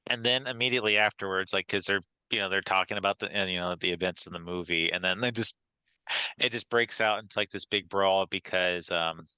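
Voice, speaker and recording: A man's voice: low-pitched, fairly quick, clear, resonant tone, dry recording, rough recording. A man co-hosting a movie podcast, retelling scenes in casual chat and laughing often. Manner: laughing, animated retelling with put-on quotes. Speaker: podcast co-host.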